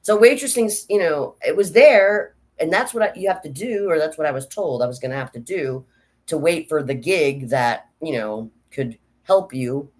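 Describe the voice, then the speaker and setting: A woman's voice: low-pitched, expressive, normal speed, a little mellow. A middle-aged American woman chatting casually in a vlog about acting, rambling with many restarts and asides. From United States. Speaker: vlogger, actor. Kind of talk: casual chat.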